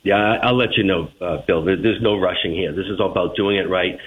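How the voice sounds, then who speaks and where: A man with a Boston accent, a transit manager being interviewed on radio, speaking in a plain, measured way. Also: low voice. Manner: plain-spoken, measured, repeats words at starts. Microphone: phone. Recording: phone line.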